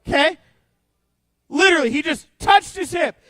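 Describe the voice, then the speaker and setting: Young male youth pastor, very high-pitched, dry close sound, playful and animated, alternating loud bursts with hushed storytelling. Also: normal speed, dry recording, rough recording. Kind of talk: lively youth-group Bible talk.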